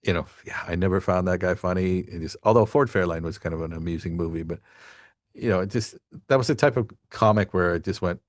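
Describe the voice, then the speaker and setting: A man with a low voice hosts a podcast, talking fast and rambling through casual chat full of fillers and asides. The recording is studio quality with no room sound.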